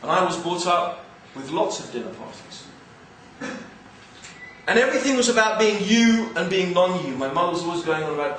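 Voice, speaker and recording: An English man with a mix of upper-class and East London accents gives an animated, joking religious lecture to an audience. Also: sits high, moderate pace, slight background noise. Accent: English, mixed with East London. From England. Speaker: Islamic speaker. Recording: very echoey hall, mic far off.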